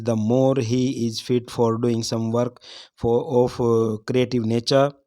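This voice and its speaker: A man with an Indian English accent reads exam notes aloud in a steady, even tutor's voice. His pitch sits in a middle range for a man. The sound is dry and close, with no room around it. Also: no echo. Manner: steady reading with occasional slips and fillers. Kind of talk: reading revision notes aloud.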